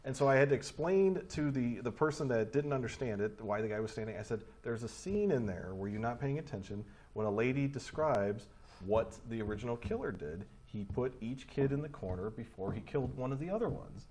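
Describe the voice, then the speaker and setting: A man's voice: mid-range voice, fairly quick. A man co-hosting a movie podcast, telling stories casually with swearing and frequent laughs. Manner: animated storytelling, swearing, laughs often. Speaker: podcast co-host. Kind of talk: casual chat.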